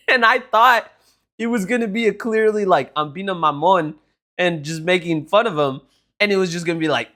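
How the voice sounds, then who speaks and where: A man's voice: sits high, fairly quick. A young man co-hosting a podcast, telling a rambling story in casual chat and laughing as he goes. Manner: rambling, animated, laughs through his story. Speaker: podcast co-host.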